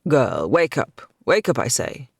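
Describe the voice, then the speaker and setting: Stern old knight, formal scolding tone, bit of gravel, man doing it. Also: medium pitch, normal speed, dry recording, studio quality. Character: stern older male knight master.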